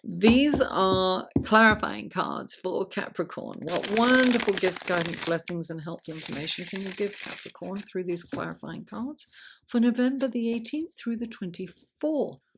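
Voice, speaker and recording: A woman giving a weekly horoscope tarot reading, chatty and unhurried, murmuring her card invocations softly. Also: mid-range voice, noisy background. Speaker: tarot reader.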